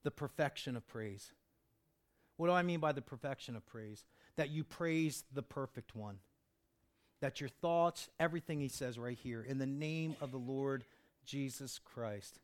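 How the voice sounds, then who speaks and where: A man preaching a sermon as pastor, emphatic and repetitive, swinging between loud passages and hushed ones, with casual slang asides. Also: medium pitch, measured pace.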